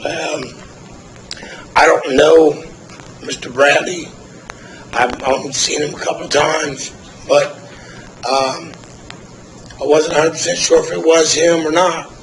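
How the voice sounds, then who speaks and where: A man's voice: fairly high pitch, fairly even intonation, slow pace, pauses often, slight background noise, poor audio. A man testifying as a witness in court, answering politely and hesitantly with fillers. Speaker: trial witness.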